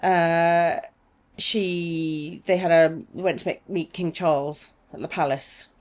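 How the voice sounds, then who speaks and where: A woman with a fairly low voice chats casually as a podcast co-host. She tells stories in a lively, laughing way. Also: slow. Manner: chatty, laughing storyteller. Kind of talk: casual chat.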